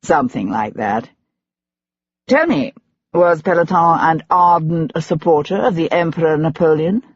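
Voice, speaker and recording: A narrator voicing a calm, measured gentleman investigator asking pointed questions. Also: fairly high pitch, no room sound, muffled recording. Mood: probing.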